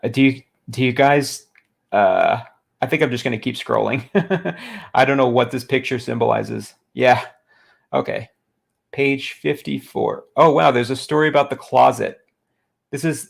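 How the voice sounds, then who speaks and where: Brief: sarcastic male streamer, deadpan, gravelly fry. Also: mid-range voice. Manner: mocking, deadpan asides, frequent restarts. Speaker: streamer reading a book aloud. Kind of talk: sarcastic live-stream commentary.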